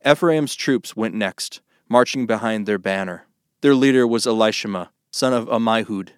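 A man reading scripture aloud in a steady, measured way. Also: on the low side, clear, resonant tone, no echo, clean studio sound. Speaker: Bible reader.

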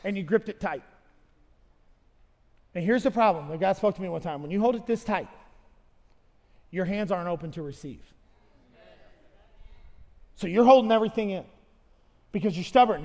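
A fervent male pastor delivers an impassioned, pleading sermon in a high-pitched voice. His words ring out with a long reverb, as if filling a large sanctuary. He drives each point home with urgency.

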